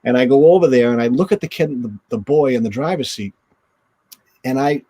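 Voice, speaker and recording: A man in his forties, a guest in an interview, telling stories in a chatty, relaxed way full of fillers. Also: mid-range voice, fairly quick, slightly rough. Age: 40s. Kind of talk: casual storytelling in an interview.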